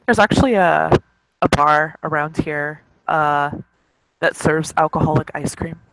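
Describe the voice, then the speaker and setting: A man's voice: fairly high pitch, a little slow, a bit bright, no room sound, poor audio. A man voicing a shy, smitten young woman on a date in a tabletop game, speaking hesitantly. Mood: shyly hopeful.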